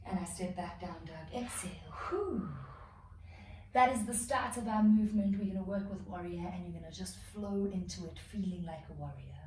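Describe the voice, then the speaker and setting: A woman leads a yoga flow in a calm, steady voice, slightly out of breath as she does the poses with the class. She sounds set back from the mic in a very echoey room, with a faint hiss underneath. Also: on the low side, a little fast, few pauses, recorded from a distance. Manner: calm, flowing cues with soft exhales between moves. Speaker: yoga instructor. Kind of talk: guided yoga class instruction.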